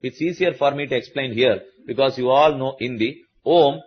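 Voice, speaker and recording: Husky Indian man giving a religious discourse. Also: mid-range voice, muffled recording. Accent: Indian English. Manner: slow, repetitive explaining to a live audience. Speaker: spiritual teacher.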